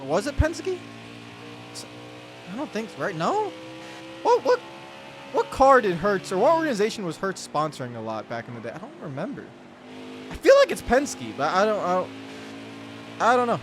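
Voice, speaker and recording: A man's voice: sits high, big pitch swings, a little fast, a bit bright. A man commentating his own racing gameplay, rambling and cutting himself off as he rants in frustration. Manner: rambling, self-interrupting, exasperated rants. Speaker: gaming channel host. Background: game music and car engine sounds.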